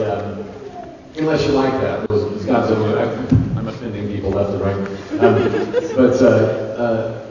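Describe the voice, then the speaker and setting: A man telling stories as a convention panel guest, animated and laughing often, acting out the voices of the people he quotes. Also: fairly low pitch, a little hiss or hum. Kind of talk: anecdotal storytelling. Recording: echoey dull hall sound from far off.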